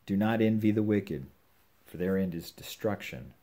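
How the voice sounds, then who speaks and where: An older man giving earnest, measured advice on scripture to his children and grandchildren at home. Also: fairly low pitch, animated, warm tone. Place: home with a puppy nearby.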